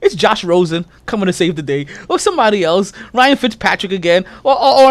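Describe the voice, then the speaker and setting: A man hosting a casual sports podcast, animated and laughing, trash-talking over a call. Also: sits high, brisk, few pauses, no echo. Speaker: podcast host.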